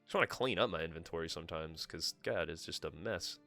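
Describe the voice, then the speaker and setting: Bright low-voiced streamer swearing. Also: male voice, brisk, soft background music. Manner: swears freely, talks to himself. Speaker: live streamer. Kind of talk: casual gameplay commentary.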